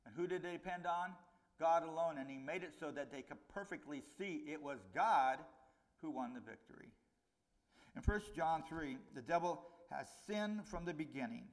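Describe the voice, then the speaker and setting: A middle-aged man preaching a sermon in a fairly high voice. He talks to the congregation in an easy, conversational way. He lifts his voice to stress key points and sinks it low and quiet for warnings. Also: normal speed. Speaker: pastor.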